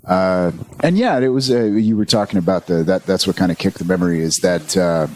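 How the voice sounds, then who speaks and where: Very low-voiced guy host, swears a bunch, pitch swings around a lot. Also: lively intonation, unhurried, a little mellow, a little hiss or hum. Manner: rambling, profane, loses his words. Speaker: podcast host. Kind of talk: casual podcast chat.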